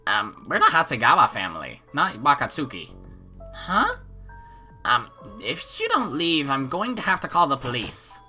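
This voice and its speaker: A woman's voice: extremely low pitch, wildly swooping pitch, moderate pace, sharp tone, soft background music, heavily acted. A woman voicing a wary middle-aged housewife who talks politely and hesitantly at her front door. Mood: uneasy.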